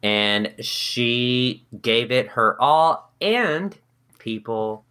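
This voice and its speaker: A woman co-hosting a casual history podcast, narrating slowly with playful jokes. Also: a bass voice, animated, a bit bright, clear, resonant tone. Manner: slow, playful, jokey narration. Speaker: podcast co-host.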